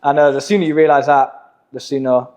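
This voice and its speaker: Fast-talking young Englishman, slangy. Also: mid-range voice, little pitch movement, darkish tone, dull audio. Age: young adult. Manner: slangy, swearing, storytelling. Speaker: podcast host, agency owner. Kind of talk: casual chat.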